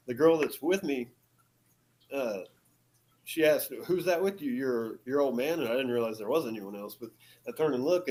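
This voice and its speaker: Man telling a story with chuckles. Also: mid-range voice. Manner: chuckles often, leans on "you know". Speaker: podcast guest. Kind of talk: casual storytelling.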